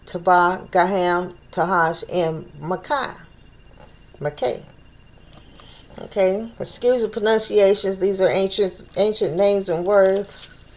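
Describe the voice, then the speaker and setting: With a voice on the low side, a woman leads an informal Bible study, reading scripture aloud and pausing to think it over out loud. She stumbles over old names and repeats phrases as she works things out.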